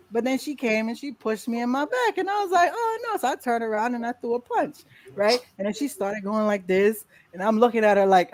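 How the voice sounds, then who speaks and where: A woman guest in a casual interview, telling a lively story, acting out quotes and laughing often. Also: mid-range voice, no room sound. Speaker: podcast guest.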